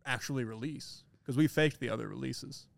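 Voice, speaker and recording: A young man chatting on a casual podcast, laid-back and low-key. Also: fairly quick, gravelly. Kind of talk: casual comedic chat.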